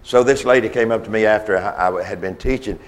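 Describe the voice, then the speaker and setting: A man with a Southern US accent delivers a sermon in an earnest, insistent manner. His voice sits on the low side. He often restarts and repeats phrases to drive a point home. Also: brisk. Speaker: preacher.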